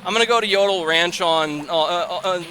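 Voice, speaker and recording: A man's voice: high-pitched, moderate pace, background noise. A young man casually commentating on a farming game, rambling and swearing, tipping into exasperated outbursts and laughter. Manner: rambling, profane, swings into exasperated shouting and laughter. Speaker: let's play host.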